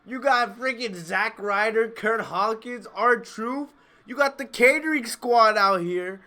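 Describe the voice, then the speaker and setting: Brief: man, very high bright voice, brash excitable wrestling reactor, laughs a lot. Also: takes it slowly. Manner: excitable, brash, laughs often, trash-talks. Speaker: wrestling YouTuber. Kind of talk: live reaction commentary.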